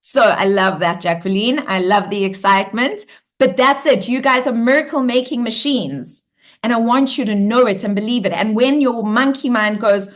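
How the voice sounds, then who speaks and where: A woman's voice: on the high side, normal speed. A woman hosting a live online coaching session in an upbeat, bubbly way, acting out cheerful affirmations as she talks. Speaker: workshop host.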